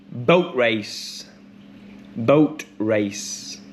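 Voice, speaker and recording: A man hosting a pub quiz, chatty and rambling with many ums and restarts, who reads each question and then repeats it slowly. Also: medium pitch, a little hiss or hum. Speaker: quiz host.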